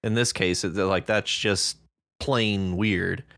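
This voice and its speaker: A man's voice: low voice, fairly even intonation, takes it slowly, creaky, a bit bright, no room sound. A man co-hosting a podcast, chatting with enthusiasm about reader stories and laughing easily. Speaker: podcast co-host.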